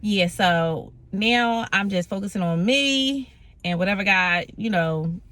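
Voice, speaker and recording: A woman telling a personal faith story in a casual, animated way, acting out the voices in it and laughing at herself. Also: medium pitch, slow. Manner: animated, dramatic, acts out voices in her stories; laughing, self-mocking. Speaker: vlogger sharing a faith testimony.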